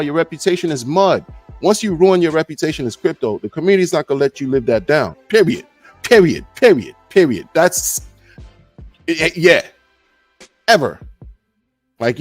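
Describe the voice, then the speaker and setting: A middle-aged man hosting a live podcast, rambling loosely and filling his talk with "man" and "you know". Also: on the high side. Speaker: podcast host. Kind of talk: casual live-stream rambling.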